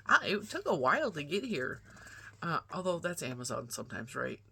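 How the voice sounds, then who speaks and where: Chatty woman in her forties, bright voice. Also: sits low, very animated, normal speed, vocal fry, slightly rough. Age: 40s. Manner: rambling and chatty, acting out quoted dialogue. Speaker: crochet vlogger. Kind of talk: casual chat.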